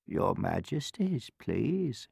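A man voicing a gentle old woman who speaks softly and quietly. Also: big pitch swings, very slow, gravelly, husky, no echo, clean studio sound, full character voice. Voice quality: hushed, soft and low. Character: gentle soft-spoken old woman visitor.

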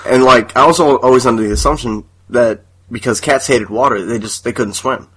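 A man's voice: medium pitch, fairly quick, a bit bright, breathy edge. A young man co-hosting a podcast, telling a crude story and laughing as he talks. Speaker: podcast co-host. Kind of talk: casual chat.

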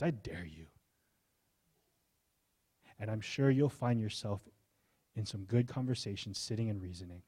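A male pastor preaching a sermon in a church, impassioned, moving from hushed to high pleading. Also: slightly rough.

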